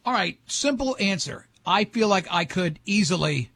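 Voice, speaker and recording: A man's voice: sits high, expressive, normal speed, fairly bright tone, no room sound, studio quality. An older man hosting a radio show, telling rambling, jokey stories in casual banter.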